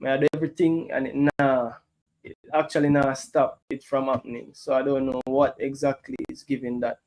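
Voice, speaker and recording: A man's voice: medium pitch, level tone, moderate pace, darkish tone, rough recording. A man with a Jamaican accent chatting casually on his live stream, often asking "you see me".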